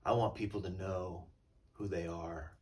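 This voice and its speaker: A male pastor giving a relaxed, conversational sermon and retelling a parable. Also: low-pitched, a little slow, distant mic. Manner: conversational and storytelling.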